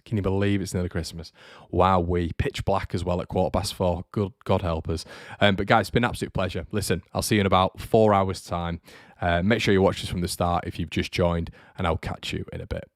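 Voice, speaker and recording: A young man talks in a loose, rambling livestream chat and stops now and then to read out viewer comments. His voice sits low. The close mic gives a dry sound with no room in it. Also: no echo. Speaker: fan channel host.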